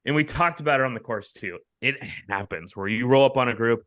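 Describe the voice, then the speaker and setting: A man's voice: medium pitch, brisk, fairly bright tone, dry recording. A man co-hosting a podcast, telling a story in casual chat with lots of swearing and laughter. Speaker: podcast co-host.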